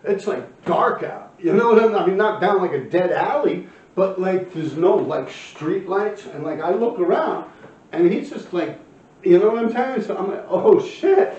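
A man's voice: high-pitched, expressive, normal speed, a little mellow. A man, casually telling a rambling, profane street story full of fillers. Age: 50s. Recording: echoey, distant, muffled room recording with faint ambience.

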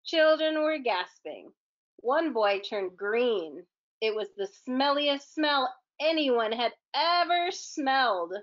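Brief: unhurried woman teacher reading a storybook to kids, a touch high, slightly dull lo-fi recording. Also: lively intonation, a bit bright. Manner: chatty asides to young listeners. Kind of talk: reading a picture book aloud to children.

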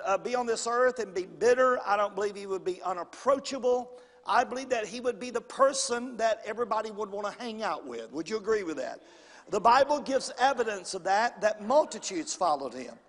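A man's voice: high-pitched, fairly bright tone. A man preaching a sermon in a folksy way, repeating phrases and calling on the congregation to answer. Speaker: pastor. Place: church sanctuary. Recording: long reverb of a church hall.

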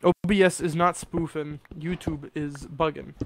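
Playful high-voiced young male streamer. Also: steady tone, moderate pace, gravelly, fairly bright tone, slight background noise. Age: young adult. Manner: joking, playful, chatty. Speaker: gaming streamer. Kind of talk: casual gaming livestream chat.

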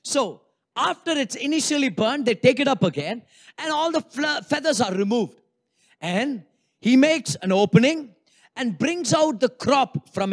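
Animated high-voiced male pastor preaching. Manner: animated, acts out congregants' inner thoughts with humor. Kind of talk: sermon.

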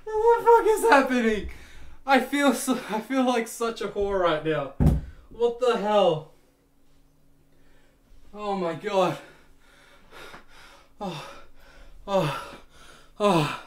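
A male livestreamer thanking donors on a live stream, stammering and swearing in disbelief, with sudden bursts of shouting. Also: high-pitched, animated, extremely slow, long pauses.

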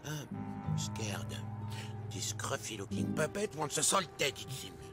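A man's voice: medium pitch, very animated, unhurried, over loud music. A man voicing a fussy, rude, timid hermit crab in a video game, scolding in huffy quips.

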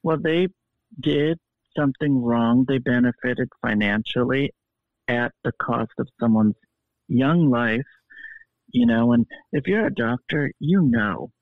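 A podcast guest tells an animated story in a flamboyant, theatrical way. His voice, ordinary middle pitch for a man, comes across thin and tinny as if over a phone line, and the recording is dry with no room sound.

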